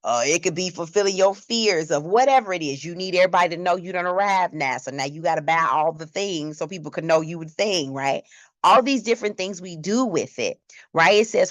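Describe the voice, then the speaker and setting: A woman's voice: lowish voice, moderate pace, no room sound. A woman teaching a church Bible class in a conversational way, asking the class questions.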